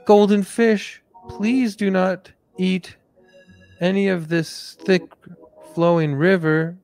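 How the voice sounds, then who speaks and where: A man voicing a sweet-talking frog with a high, sing-song, coaxing manner. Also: steady tone, slow, darkish tone, faint music behind.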